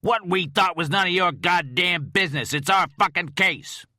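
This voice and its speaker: Man voicing an enraged police captain, barking, loud, bright sharp voice, dry audiobook sound. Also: medium pitch, sing-song, brisk, no echo, voice pushed up. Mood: furious. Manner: angry, barking. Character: hot-tempered male police captain.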